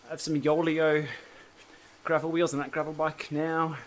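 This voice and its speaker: A man's voice: on the high side, level tone, normal speed, a little hiss or hum. An Australian man hosting a casual cycling livestream, chatting and answering viewer comments while he pedals on an indoor trainer. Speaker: cycling channel host.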